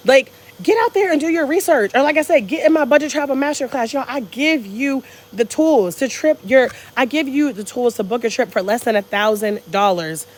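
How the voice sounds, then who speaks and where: A woman's voice: high-pitched, moderate pace, few pauses. American woman hyping up her viewers on a live stream, swears a lot, talks from a hotel room. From United States. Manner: energetic, profane, preachy, reads viewer comments aloud. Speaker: travel vlogger. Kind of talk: live-stream motivational chat.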